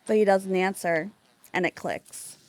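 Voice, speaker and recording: A woman's voice: mid-range voice, fairly even intonation, measured pace, darkish tone, a little hiss or hum. A woman telling a life-sim game story in a chatty, casual way, full of fillers. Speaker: Sims storyteller. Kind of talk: casual narrated gameplay story.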